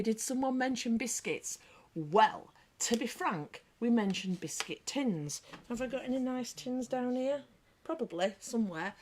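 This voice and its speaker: Chatty British woman hosting a livestream. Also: on the high side. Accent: British English. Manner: chatty, bantering, reads comments aloud; lively anecdotal storyteller. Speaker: livestream host. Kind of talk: casual live chat.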